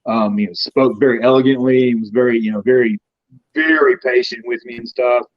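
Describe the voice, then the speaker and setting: A man with a Southern drawl talks in a loose, blunt, profanity-laced way, a guest in casual chat. His voice sits at an ordinary pitch, and the sound is a little dull and lo-fi. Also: level tone, brisk. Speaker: guest knight.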